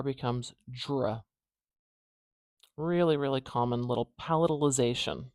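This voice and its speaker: A phonetics teacher with an Atlantic Canadian accent gives a transcription lesson, explaining step by step and repeating words slowly to demonstrate each sound, with playful asides. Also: mid-range voice, darkish tone, dry recording, studio quality. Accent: Atlantic Canadian English.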